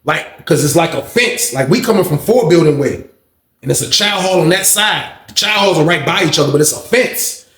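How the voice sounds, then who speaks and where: A young man casually retelling a story in a slangy, profane, animated way. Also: fairly high pitch, fairly quick. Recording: roomy echo.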